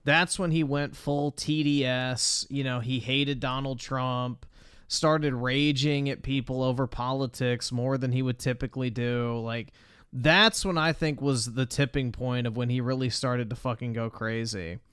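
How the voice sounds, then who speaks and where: Profane streamer with a smooth, dry voice. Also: male voice, mid-range voice, fairly even intonation, a little slow, fairly bright tone, no echo. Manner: blunt, profane, rambling. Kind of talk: casual reaction commentary.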